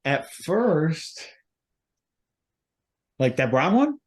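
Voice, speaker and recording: A man's voice: fairly high pitch, sing-song, drawn-out words. A man co-hosting a podcast in casual chat, rambling and hesitant, filling gaps with "like". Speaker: podcast co-host.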